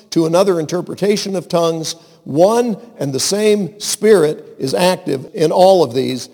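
A man's voice: a little high, a little mellow, long reverb tail. A man, a pastor, preaching a sermon with an earnest, conversational delivery and humorous asides.

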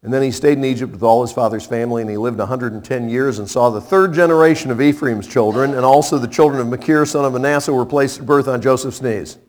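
A man preaching a sermon as pastor, impassioned and climbing to high, emphatic peaks. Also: fast, hardly any pauses, a little mellow.

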